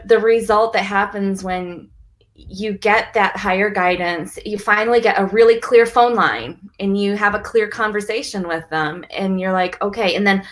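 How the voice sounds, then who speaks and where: A woman in casual chat, talking in a gentle, reassuring and reflective way. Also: medium pitch.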